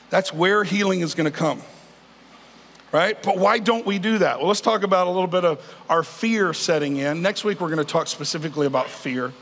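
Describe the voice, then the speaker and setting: A man's voice: high voice, vocal fry, fairly bright tone, breathy edge. A man, preaching a sermon in a conversational, joking style with frequent calls to the congregation. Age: 50s. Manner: conversational preaching with humor and crowd prompts. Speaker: pastor. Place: large church sanctuary. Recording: long hall reverb.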